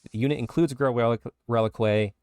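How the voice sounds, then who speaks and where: A man's voice: medium pitch, racing, darkish tone, clear, resonant tone, dry recording, clean studio sound. A man co-hosting a casual podcast, rattling through lists of game rule changes. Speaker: podcast co-host. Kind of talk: casual podcast chat reading rules updates.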